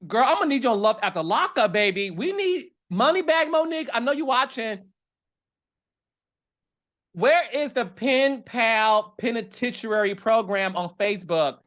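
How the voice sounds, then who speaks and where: A man hosts a reality TV gossip show with an expressive, fairly bright voice at a moderate pace. His animated, casual commentary is dramatic and sassy, aimed straight at viewers and leaping into high exclamations.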